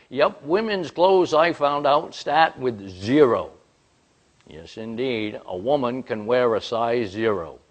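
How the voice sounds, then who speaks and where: A man telling comic stories in a folksy, chuckling way with rural turns of phrase. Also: medium pitch. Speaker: comedian and storyteller.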